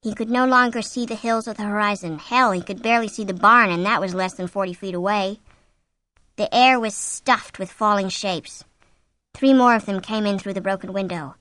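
A woman reading a horror novel aloud as an audiobook, with an expressive, suspenseful delivery on a close mic. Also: mid-range voice, normal speed, no room sound. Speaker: audiobook narrator. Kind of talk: scripted narration of a horror novel.

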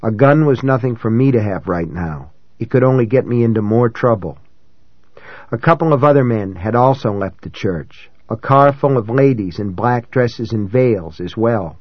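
A man's voice: medium pitch, lively intonation, dry recording. Man narrating a gripping novel, dry and dull-toned. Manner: measured, dramatic reading that rises for shouted dialogue. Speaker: audiobook narrator. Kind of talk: scripted first-person narration.

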